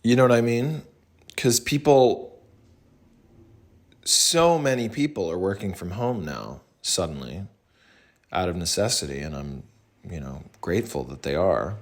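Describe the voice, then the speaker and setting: A young man from the American South, chatting casually to viewers in a slow, rambling way with many pauses and restarts, in a put-on voice. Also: low-pitched, lively intonation. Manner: talking in a put-on different voice today. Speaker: vlogger talking to viewers. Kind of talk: casual rambling livestream chat.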